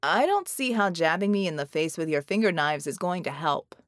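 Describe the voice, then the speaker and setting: A woman voicing a formerly deaf armored male hero who speaks in an odd flat, deadpan way, in an audiobook. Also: fairly low pitch, brisk, no room sound, studio quality, lightly acted. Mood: dry. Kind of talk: audiobook character voice.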